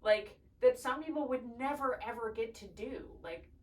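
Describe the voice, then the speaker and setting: A woman's voice: on the high side, moderate pace, far from the mic, poor audio. A young woman hosting a podcast, chatting candidly and emotionally, swearing freely and choking up at times. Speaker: podcast host. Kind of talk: casual personal chat.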